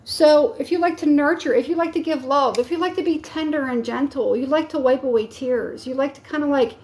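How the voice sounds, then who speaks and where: High-voiced chatty woman giving a tarot reading. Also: fairly quick, darkish tone. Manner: casual, encouraging, rambling with many fillers. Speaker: tarot reader.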